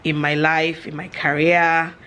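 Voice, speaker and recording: A woman's voice: deep voice, unhurried, crowd noise. A woman in her thirties with a Nigerian accent, talking casually to camera in a home vlog and slipping into pidgin. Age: 30s. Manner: chatty, mixes in pidgin, turns loud and giddy when excited. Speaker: vlogger.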